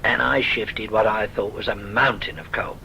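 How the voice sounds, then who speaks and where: A man's voice: lowish voice, fairly even intonation, normal speed, creaky, pushed and bright, a little hiss or hum, poor audio. Older southern English man reminiscing wryly. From south of England. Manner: genteel, wry storytelling. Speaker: oral history narrator. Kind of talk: recorded reminiscence.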